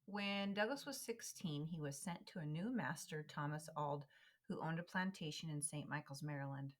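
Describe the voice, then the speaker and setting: Woman reader, low voice, measured and expressive delivery of a historical memoir. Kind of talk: reading a historical memoir aloud.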